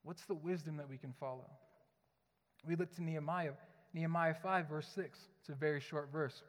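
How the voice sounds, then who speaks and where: Brief: young male pastor, high voice, chatty and joking sermon delivery, long reverb of a large church hall. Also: moderate pace. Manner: conversational, joking, animated storytelling. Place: church sanctuary.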